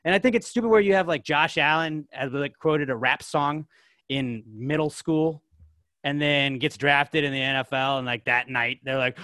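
A man's voice: on the high side, moderate pace, pushed and bright, no echo, studio quality. A young man co-hosting a podcast, chatting casually in a rambling way full of "like" and restarts. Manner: rambling, filler-heavy, lots of "like". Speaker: podcast co-host. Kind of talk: casual chat.

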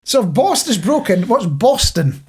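Husky Scottish man, lively chatty delivery. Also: high voice, measured pace. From Scotland. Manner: joking, teasing quizmaster. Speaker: podcast co-host. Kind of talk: casual chat. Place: home recording in Nottinghamshire.

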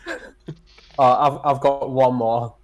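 A man's voice: medium pitch, steady tone, slow pace. A man with a mid-range voice tells joke stories in casual podcast chat. He acts out each line of dialogue as he goes. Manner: storytelling, acting out dialogue.

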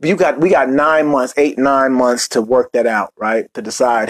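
A man's voice: mid-range voice, moderate pace. A man hosting a motivational podcast, talking casually and joking as he tells stories. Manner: joking, animated storytelling with playful asides. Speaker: podcast host and speaker coach.

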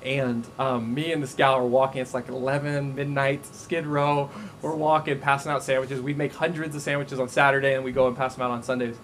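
A man preaching a sermon as a pastor, telling stories in a casual, animated way with frequent restarts. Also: mid-range voice, a little fast, hardly any pauses, a little hiss or hum, poor audio.

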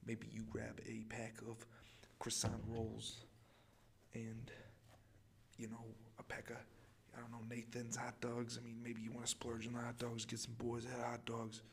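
A man's voice: mid-range voice, monotone, a little slow, vocal fry, slight background noise. A man hosting a comedic podcast outdoors on a college campus, rambling with lots of fillers and repeats. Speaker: podcast host.

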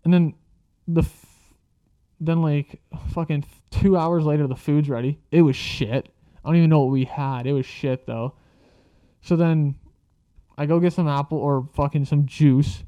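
A young man spins a casual storytime monologue, rambling through filler words and swearing without a second thought. His voice sits somewhat high but sounds soft and mellow. The recording is dry and slightly muffled, with a lo-fi dullness. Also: steady tone, unhurried, dry recording. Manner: rambling, profane, filler-heavy.

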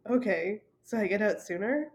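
A woman's voice: mid-range voice, moderate pace, slight background noise. A woman from Canada telling a story in a casual monologue, laughing often and swearing casually. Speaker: podcast host.

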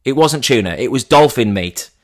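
A man's voice: medium pitch, animated, normal speed. A man in his thirties hosting a podcast, telling a story in a chatty, teasing way. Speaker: podcast host. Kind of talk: comic storytelling.

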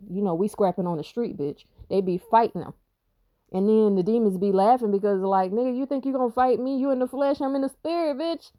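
A woman's voice: mid-range voice, warm tone, no room sound. A woman who is a spiritual reader, talking on her podcast in a rambling, profane, emphatic way. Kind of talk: casual podcast monologue.

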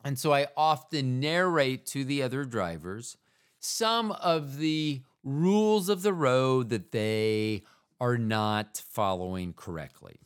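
An American man drifts through a casual podcast monologue at an unhurried, drawn-out pace. His voice is clean and smooth, his tone self-deprecating, and he keeps wandering off into little asides. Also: mid-range voice, lively intonation. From United States. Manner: meandering, self-mocking, trails off into asides. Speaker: podcast host.

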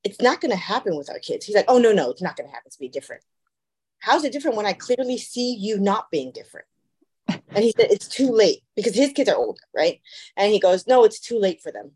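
Husky-voiced woman telling stories. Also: medium pitch, fast. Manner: animated storyteller, acts out quoted voices. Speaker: podcast co-host. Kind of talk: casual chat.

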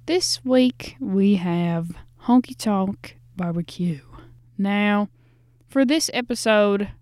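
Folksy drawling Southern woman host, smooth voice, dry closet sound, put on by a woman. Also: medium pitch, takes it slowly, a little mellow, no echo, natural voice. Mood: hammy. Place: small closet.

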